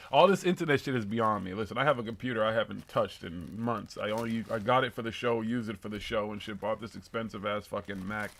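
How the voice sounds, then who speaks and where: A man's voice: lowish voice, fairly quick, vocal fry, a bit bright. A man in his fifties, co-hosting a live show, chatting casually, swearing freely and laughing often. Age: 50s. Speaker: podcast co-host. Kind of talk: casual profane chat.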